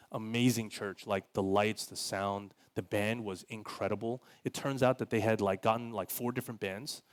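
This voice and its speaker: A man's voice: lowish voice, normal speed. A male pastor giving a sermon in a casual, conversational way, full of "like" fillers, who acts out the people he quotes. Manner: animated, voices quoted people.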